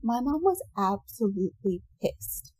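A woman telling a personal story in casual chat, animated and laughing often, acting out what people said. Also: mid-range voice, unhurried, husky, dry recording.

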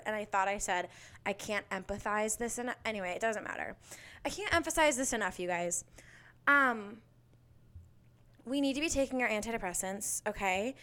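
A woman's voice: mid-range voice, a bit bright, clean tone. A young woman hosting a podcast, chatting casually and bubbly, with lots of fillers. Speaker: podcast host. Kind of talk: casual solo chat.

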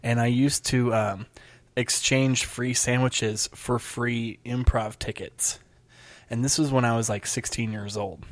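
A man's voice: medium pitch, steady tone, a little slow, no room sound. A man, a stand-up comedian, chatting casually and rambling with lots of fillers and restarts. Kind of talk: casual podcast chat.

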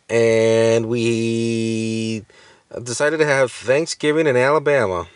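In casual podcast conversation, a man in his thirties co-hosts with frequent hesitations, fillers, uhs and self-corrections. He speaks slowly in a smooth, mid-range voice, with no room sound.

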